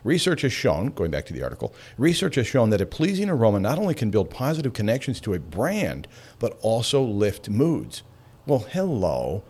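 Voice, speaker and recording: A man hosting a radio talk show, chatty and animated, laughing between points. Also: fairly low pitch, husky.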